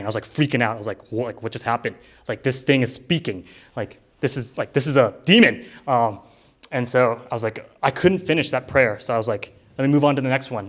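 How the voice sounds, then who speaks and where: A young man giving a personal testimony at a campus ministry center, speaking in a casual, earnest way with frequent "like" fillers and acting out what he once said. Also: mid-range voice. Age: young adult. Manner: casual, heavy use of "like" fillers; earnest storytelling, reenacting his own past words. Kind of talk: personal conversion testimony to a live audience.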